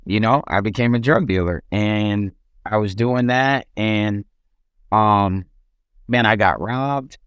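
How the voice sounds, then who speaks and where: A man's voice: lowish voice, takes it slowly, fairly bright tone, clear, resonant tone, no echo, studio quality. A young man, a podcast guest, telling his own story in casual speech with frequent restarts and fillers.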